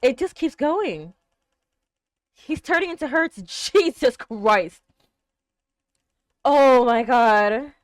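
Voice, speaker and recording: A young woman reacting to an anime episode, exclaiming and gasping, swinging between hushed murmurs and loud outbursts. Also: high voice, animated, very slow, long pauses, no room sound, studio quality. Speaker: reaction streamer.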